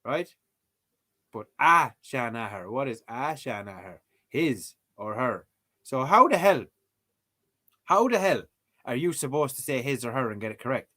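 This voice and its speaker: A man's voice: medium pitch, very animated, a little slow, sharp tone. An Irish man giving joking, mock-outraged commentary while he works through a language-learning app. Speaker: streamer playing a language app. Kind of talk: casual comedic commentary.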